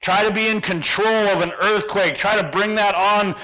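Middle-aged male preacher, high voice, vivid storyteller who acts out the scene. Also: moderate pace, rough recording. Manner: animated storyteller, acting out dialogue, drops to hushed tones. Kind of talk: sermon with personal story.

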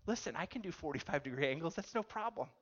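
A preacher voicing a husband in a spoken illustration, gentle and reassuring in his own voice. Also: fairly high pitch, animated, fast, highs cut off. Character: patient caring husband, adult man.

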